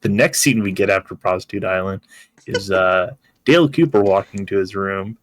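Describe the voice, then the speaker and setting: Low-voiced man chatting on a podcast. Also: moderate pace. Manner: laughs while talking, acts out quotes. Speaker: podcast co-host. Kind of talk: casual chat.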